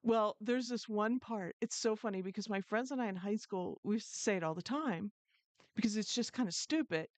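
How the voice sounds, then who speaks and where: A woman's voice: medium pitch, a little fast, dry recording. A woman co-hosting a live podcast, telling stories in casual chat and laughing often. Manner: chatty storyteller who laughs often. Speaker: podcast co-host.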